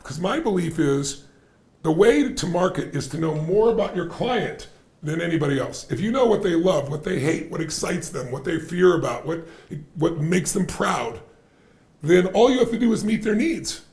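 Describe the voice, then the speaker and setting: A man with a gravelly edge and a slightly higher voice than most men, speaking emphatically and stacking repeated phrases. He is heard in a roomy, echoey space that gives his words a lingering tail. He tells stories in an animated, conversational way. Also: normal speed. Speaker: podcast guest. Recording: roomy echo.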